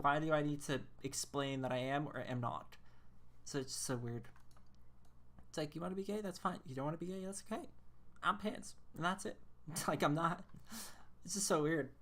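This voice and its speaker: A woman's voice: low-pitched, fairly bright tone. A woman streaming a game, chatting casually in a rambling, incredulous way and laughing often. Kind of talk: casual live-stream chat.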